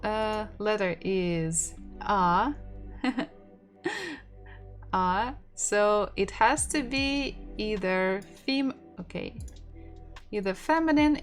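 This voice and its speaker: A woman, a native Russian speaker, leads an online language lesson at an unhurried, deliberate pace. Her voice sits in a middle pitch, and she repeats each sound several times with patient care. Soft music plays faintly behind her. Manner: patient, repeats sounds and words slowly for practice; chatty asides with light laughs. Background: faint background music.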